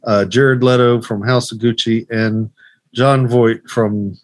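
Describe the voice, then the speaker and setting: A man's voice: mid-range voice, steady tone, slow, no room sound. A man co-hosting a casual movie podcast, running through lists with lots of ums and restarts. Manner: rambling, filler-heavy list reading. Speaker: podcast co-host.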